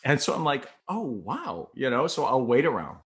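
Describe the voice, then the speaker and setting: An older man, a former TV news photographer and reporter, telling stories from his career in a casual, animated way and acting out the people in them. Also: mid-range voice, quick pace, a little hiss or hum. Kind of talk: casual anecdotal storytelling.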